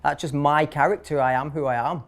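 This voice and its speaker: A barber and shop owner from Manchester, England, a man in his thirties with the local accent, tells his story as a guest in a casual interview. He's blunt and chatty, full of fillers and restarts, speaking a little fast in a fairly high, fairly even voice.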